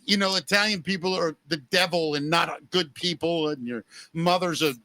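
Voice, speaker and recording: A man's voice: a little high, normal speed, sharp tone. A man hosting a podcast, chatting casually in an enthusiastic, blunt way. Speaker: podcast host.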